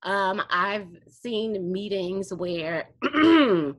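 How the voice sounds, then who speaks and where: A woman's voice: mid-range voice, lively intonation, extremely slow, a bit bright, no room sound. A woman explaining meeting procedure to a study group over a video call, laughing often and correcting herself as she goes. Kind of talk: online teaching session.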